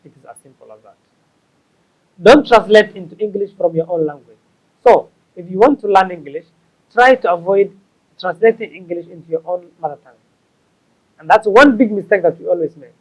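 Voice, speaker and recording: Man, high voice, English lesson, repeats and corrects himself. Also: poor audio. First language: Somali. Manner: slow, repetitive, stops to correct himself. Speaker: English teacher. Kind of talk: explaining tips to learners.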